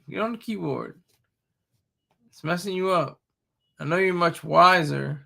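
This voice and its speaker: A man's voice: fairly high pitch, measured pace, creaky, long pauses, sharp tone. A man in his thirties hosting a casual live stream, talking in a blunt, rambling and opinionated way. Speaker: streamer host.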